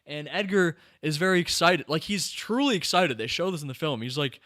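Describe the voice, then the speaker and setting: A man hosting a podcast, chatting casually in a rambling, animated way with many fillers and restarts. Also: on the high side, brisk. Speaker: podcast host.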